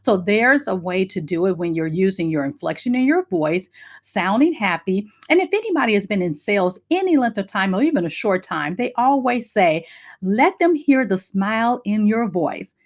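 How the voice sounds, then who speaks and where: A middle-aged woman career coach giving an energetic talk on job interviews, her voice moving up and down. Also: medium pitch, moderate pace. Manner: energetic, lively up-and-down delivery.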